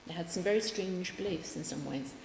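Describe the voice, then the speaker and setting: Woman lecturer, low and gravelly, wry; reads quotes with emphasis. Roomy hall sound. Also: a little fast, a little mellow. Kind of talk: public lecture. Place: large lecture room. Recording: echoey hall, faint background hum.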